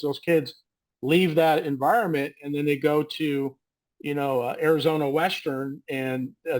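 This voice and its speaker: A man's voice: on the high side, low-quality recording. Conversational male interview host. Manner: conversational, searching questions. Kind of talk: casual interview talk.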